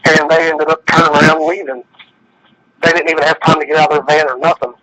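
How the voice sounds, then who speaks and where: A man's voice: fairly high pitch, little pitch movement, fast talker, crowd noise, poor audio. A man telling a story in casual, plainspoken talk, retelling dialogue line by line. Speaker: guest storyteller.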